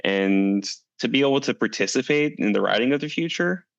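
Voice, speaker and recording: A man's voice: medium pitch, expressive, brisk, gravelly, no room sound, highs cut off. A man being interviewed as a guest, talking in a thoughtful, reflective way and telling stories as he answers. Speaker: guest, climate coalition director.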